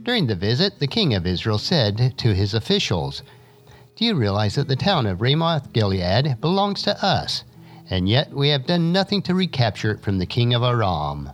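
A man reading a Bible passage aloud in a lesson, raising his voice for the quoted speakers, then moving on to an essay. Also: normal speed. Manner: expressive reading, lifting pitch for quoted speakers. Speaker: scripture reader and teacher.

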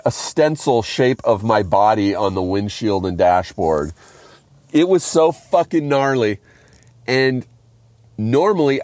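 A man telling a rambling story in a casual, heavily profane and animated way. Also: on the low side, no room sound.

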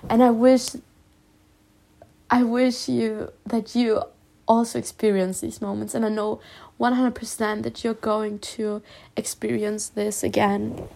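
Earnest woman with a gravelly fry. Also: fairly high pitch, level tone, warm tone. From Spain. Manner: halting, with frequent restarts and earnest reassurance. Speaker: self-healing vlogger. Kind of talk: personal heartfelt talk to camera.

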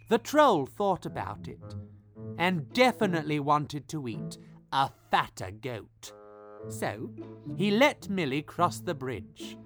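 A man narrating a comic children's story, playful and expressive. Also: medium pitch.

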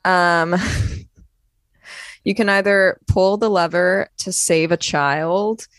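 A woman's voice: on the low side, steady tone, drawn-out words, no echo. A young woman co-hosting a casual chat podcast, earnest and frank, swearing casually as she argues her point. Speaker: podcast co-host.

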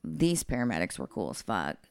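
Casting: low-pitched woman with a gravelly edge, blunt and profane, dry close mic. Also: sing-song, a little fast, no echo. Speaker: podcast co-host. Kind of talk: casual storytelling chat.

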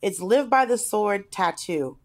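A woman chats casually on a podcast and tells a story with lively expression. Her voice moves up and down as she talks. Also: mid-range voice, a little slow. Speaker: podcast co-host.

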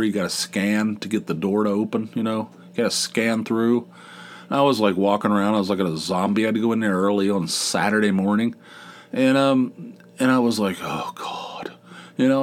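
A man hosting his own podcast in a casual, rambling, self-deprecating monologue, with a big dopey voice and many restarts. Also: lowish voice. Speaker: podcast host.

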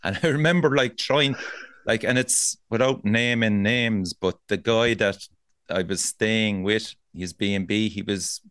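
A man's voice: on the low side, a little slow, clear, resonant tone, no room sound. A man with a Cork Irish accent hosting a podcast, telling a rambling anecdote in casual chat and swearing freely. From Ireland. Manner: swearing, animated anecdote-teller. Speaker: podcast host.

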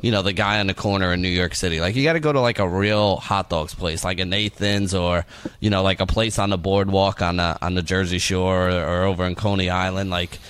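A man's voice: sits low, fairly even intonation, brisk, fairly bright tone, clean tone. A man from the northeastern United States co-hosting a sports radio show, chatting loosely and filling his talk with "you know" and "like". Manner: rambling, lots of "you know" and "like". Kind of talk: casual radio banter.

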